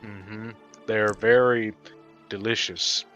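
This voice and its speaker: A man's voice: on the low side, steady tone, slow, a bit bright, faint music behind. A man playing his character in a tabletop game, speaking hesitantly and politely. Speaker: player. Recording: dull lo-fi mic.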